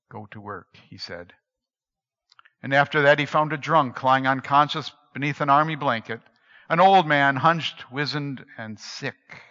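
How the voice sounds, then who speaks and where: Bright-voiced man telling a dramatic story. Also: mid-range voice. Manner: expressive, swinging between hushed and emphatic. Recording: dull lo-fi recording in a reverberant hall.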